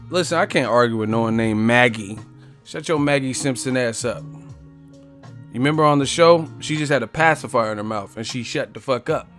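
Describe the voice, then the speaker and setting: A man's voice: mid-range voice, a little fast, fairly bright tone, faint music behind. A man hosting a boxing live stream in a casual, profane, joking way, reading viewer comments aloud and trash-talking back at them.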